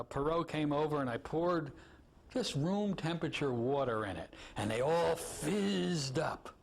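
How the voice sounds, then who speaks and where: A man, a hypnosis instructor, telling an anecdote in a teaching talk and acting out the people in it. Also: medium pitch. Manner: animated storyteller acting out voices.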